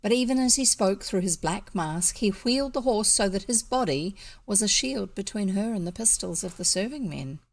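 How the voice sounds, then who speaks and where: A woman with a New Zealand accent reading a classic children's novel aloud in a relaxed way, with small asides and restarts. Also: mid-range voice, normal speed, creaky, hardly any pauses. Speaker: audiobook reader.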